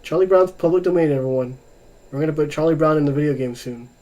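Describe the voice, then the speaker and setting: A man with a rather high voice co-hosts a casual wrestling chat. He sounds easygoing, chuckles often and restarts his sentences as he thinks. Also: fast, a little mellow. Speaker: podcast co-host.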